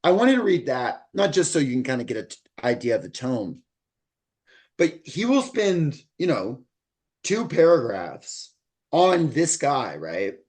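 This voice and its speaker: A man's voice: mid-range voice, sing-song, measured pace, darkish tone, breathy edge. A man co-hosting a podcast, talking through a book in a loose, rambling way with lots of fillers. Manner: rambling, loose delivery full of likes and ums. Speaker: podcast co-host. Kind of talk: casual book-discussion chat.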